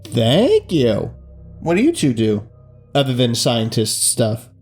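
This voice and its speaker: A man's voice: mid-range voice, wildly swooping pitch, slow pace, a little mellow, faint music behind. Casual man playing a tabletop character. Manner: casual, hesitant, playful in character. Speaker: player. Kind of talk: casual tabletop role-play.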